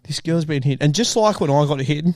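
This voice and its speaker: A man's voice: on the high side, a little fast, no echo, clean studio sound. A man co-hosting a podcast, rambling and stammering through an improvised mock news skit with put-on emotion. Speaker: podcast co-host.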